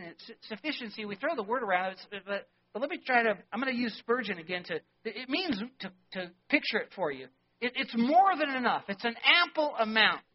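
A middle-aged male pastor delivering a sermon, emphatic, with rhetorical questions and swings between loud and soft. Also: high voice. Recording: dull lo-fi sermon recording.

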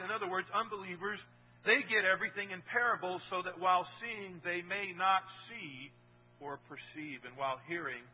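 A man's voice: sits high, fairly even intonation, fairly quick, slight background noise. Emphatic preaching man, phone-thin sound. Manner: preaching, swings from hushed to emphatic. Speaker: pastor. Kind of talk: sermon. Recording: phone-like line with long reverb.

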